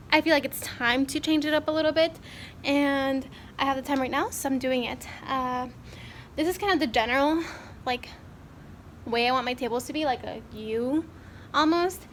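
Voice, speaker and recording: A woman's voice: high voice, fairly bright tone, slight background noise, low-quality recording. A woman in her twenties, a kindergarten teacher, chatting casually to the camera in a rambling way, filming on a phone or camera held at arm's length in her classroom and car. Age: 20s. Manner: chatty and rambling, with fillers and self-corrections. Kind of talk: casual vlog chat.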